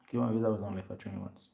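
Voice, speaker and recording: Gravelly Jamaican man telling a story. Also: fairly low pitch, muffled recording. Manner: animated patois storytelling, acts out other people's lines. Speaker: vlogger. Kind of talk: casual storytelling to viewers.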